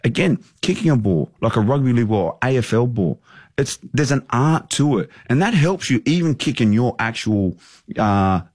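A man's voice: mid-range voice, animated, normal speed, a little mellow, husky, dry recording, studio quality. An Australian man around thirty, a football manager, talking earnestly and at length in a casual interview. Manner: earnest, rambling storyteller.

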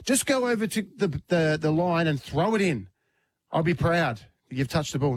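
Man, radio host, fairly high voice, lively storyteller who acts out voices. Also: moderate pace, no room sound, clean studio sound. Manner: acts out the voices in his stories. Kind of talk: animated storytelling on morning radio.

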